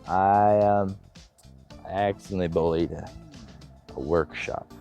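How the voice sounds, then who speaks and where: A young man in missionary training giving a casual vlog update, telling stories in an animated, self-deprecating way and acting out what people said. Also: low-pitched, a little slow, faint music behind. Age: young adult. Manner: animated storyteller, self-deprecating, acts out quotes.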